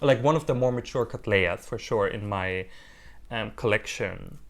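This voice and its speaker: A man vlogging casually as he unboxes plants, animated, playful and quick to mock himself. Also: lowish voice. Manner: animated, playful and self-mocking. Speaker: orchid hobbyist vlogger.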